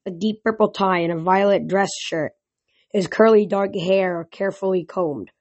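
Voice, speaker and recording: A reader narrating a first-person novel in a steady reading voice. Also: medium pitch, moderate pace, dry recording. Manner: steady reading with occasional restarts. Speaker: audiobook reader.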